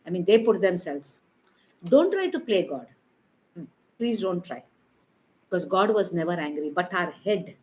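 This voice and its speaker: A woman's voice: lowish voice, very animated, normal speed, long pauses, rough recording. A woman, giving an informal sermon in a conversational, emphatic way with many rhetorical questions. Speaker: preacher.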